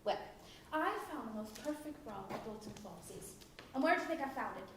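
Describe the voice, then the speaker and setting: A woman plays a chatty actress abroad, gushing and animated as she reads her letter aloud. Her voice sits a touch high. It carries from a distance through a very echoey theatre with faint noise. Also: brisk, close to an everyday voice. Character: lively American actress writing home from England, woman. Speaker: stage actor. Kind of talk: stage play reading a letter aloud. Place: theatre stage.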